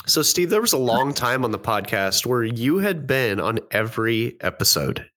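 A man with a bright, forceful voice jokes his way through podcast banter over a call. He is wry and sarcastic and laughs easily. His pitch is middle for a man. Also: very animated, normal speed. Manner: joking, wry, laughs along. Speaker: podcast co-host. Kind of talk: casual chat. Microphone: remote call microphone.

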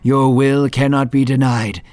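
A man voicing Job, a frightened, humbled older man who speaks in a trembling, hushed way. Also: medium pitch, fairly even intonation, a little slow, natural voice.

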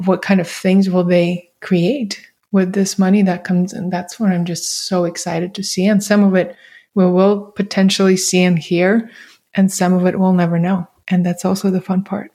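A woman speaking calmly and reflectively on a podcast. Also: fairly low pitch, moderate pace.

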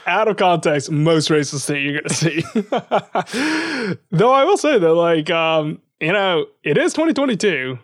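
A man's voice: a little high, sing-song, measured pace, dry recording, studio quality. A man co-hosting a podcast, telling stories in casual chat with repeated starts and laughs. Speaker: podcast co-host.

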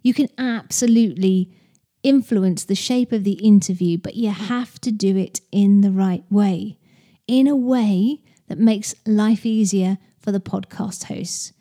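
A woman podcast host offers business advice in a chatty, direct style, using stories and analogies to explain. Her voice is medium in pitch, dark in tone, and unhurried.

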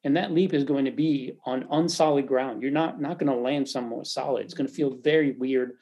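A man's voice: mid-range voice, steady tone, a little fast, dark tone, highs cut off. A middle-aged man hosting a faith podcast, talking in an earnest, encouraging and reflective way. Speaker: podcast host.

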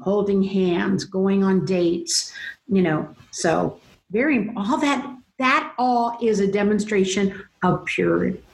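This is a middle-aged mother, a guest on a Christian parenting talk, earnestly recounting faith and family stories and acting out quoted voices. Her mid-range voice is slow and creaky, and the recording carries a roomy echo.

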